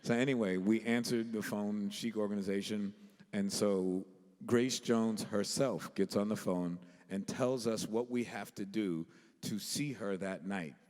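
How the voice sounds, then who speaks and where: A man in his sixties telling an animated story on a panel stage, laughing as he goes, with many restarts. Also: fairly low pitch, a little slow. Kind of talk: live storytelling to an audience. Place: large auditorium stage. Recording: reverberant hall, live stage mic.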